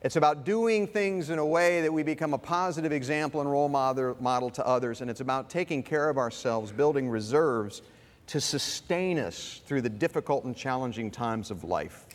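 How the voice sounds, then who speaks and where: A man's voice: mid-range voice, moderate pace. Man, sermon, earnest storyteller, long hall reverb. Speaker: guest speaker.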